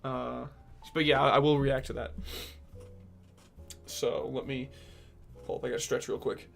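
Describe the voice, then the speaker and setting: A man's voice: mid-range voice, flat delivery, unhurried, creaky. Rambling young man reacting to songs. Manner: rambling, thinking aloud, swearing, filler-heavy. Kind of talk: casual music reaction chat. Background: faint music from the songs he plays.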